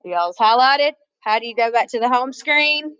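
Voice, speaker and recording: Casting: woman math teacher, somewhat high voice, chatty, quizzes the class. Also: expressive, moderate pace, highs cut off, background noise. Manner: chatty, asks the class questions, addresses students as y'all. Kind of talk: classroom lesson.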